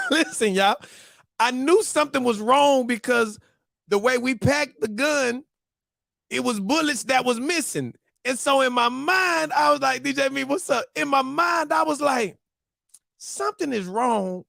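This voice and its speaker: A man hosting a morning live stream, telling a story with slang and loud bursts of laughter. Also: very high voice, creaky, dry recording, studio quality. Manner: laughing hard between lines, slangy and loud. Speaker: morning show host.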